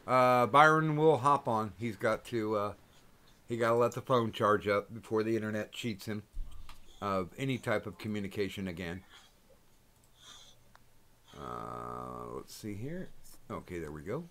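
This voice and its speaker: A man's voice: on the low side, animated, measured pace, long pauses, pushed and bright. A man hosting a podcast in casual chat, rambling and joking with many fillers. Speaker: podcast host. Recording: noisy recording.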